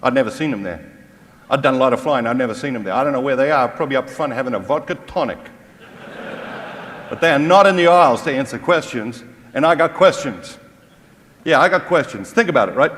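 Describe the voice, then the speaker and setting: An Australian Catholic speaker gives a humorous motivational talk to a crowd, mocking and firing off rhetorical questions. His medium-pitched voice is a bit bright, with lively intonation and a slightly fast pace. A long hall reverb hangs over the recording.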